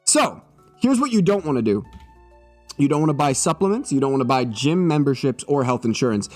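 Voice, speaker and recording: A man's voice: mid-range voice, sing-song, fairly quick, a little mellow, soft background music. A young man streaming live, joking and swearing in a mock-serious monologue, a little tipsy.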